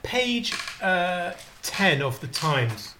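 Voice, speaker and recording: Bright-voiced man, rambling and jokey. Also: high voice, big pitch swings, drawn-out words, slight background noise. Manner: rambling, self-mocking, jokey. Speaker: newspaper columnist and podcast co-host. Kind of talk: casual comic chat.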